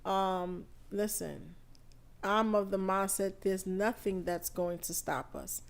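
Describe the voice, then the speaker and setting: A woman hosting a live podcast stream, feeling under the weather and chatting in an unhurried, rambling way full of fillers. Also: mid-range voice, steady tone, gravelly. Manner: unhurried, chatty, thinking aloud with many fillers. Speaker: podcast host. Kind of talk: casual live-stream talk.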